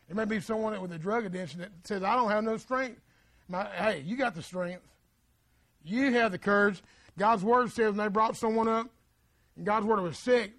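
Folksy male preacher, high-pitched voice, plain country speech, dry close recording. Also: a bit bright, no room sound. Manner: folksy, plain-spoken, repeats phrases. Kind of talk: sermon.

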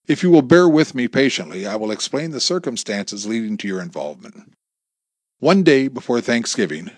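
A man reading a story, voicing an older federal agent who speaks formally and with measured authority. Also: lowish voice, dry recording.

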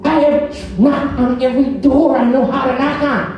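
A man's voice: very high-pitched, normal speed, soft background music. Man preaching in an echoey hall. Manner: swings from hushed to loud and excited. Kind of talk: sermon. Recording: very echoey hall, mic at a distance.

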